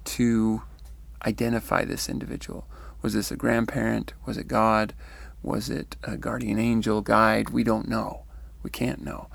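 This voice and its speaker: A man giving reflective commentary on near-death accounts, thoughtful and musing, with pauses and restarts. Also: mid-range voice, vocal fry, no echo. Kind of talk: reflective spoken commentary with read-out quotes.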